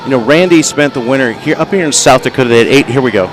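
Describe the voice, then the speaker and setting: Working as a livestream commentator at an outdoor bucking bull event, a Southern US man rambles in a folksy style full of fillers. He speaks quickly at a medium pitch, and a loud crowd can be heard.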